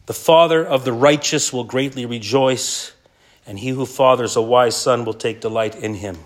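A middle-aged man preaching a sermon, telling a story and moving between loud bursts and hushed asides. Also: medium pitch, normal speed. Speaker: pastor.

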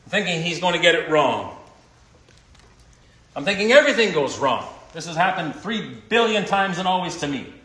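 A man preaching a sermon, moving between quiet reflection and emphatic, rising points. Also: on the high side, sing-song, moderate pace. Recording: echoey room with faint noise.

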